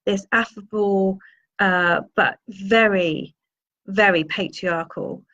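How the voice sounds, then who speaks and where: A woman's voice: medium pitch, slow, fairly bright tone. A woman, a spiritual healer, telling a personal story in a meandering way and searching for her words. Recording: dull lo-fi sound.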